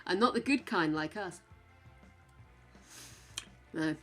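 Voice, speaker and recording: A woman's voice: on the low side, lively intonation, slow, fairly bright tone, faint music behind. A woman chatting casually with her stream viewers, frank and chatty, swearing now and then. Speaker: game streamer.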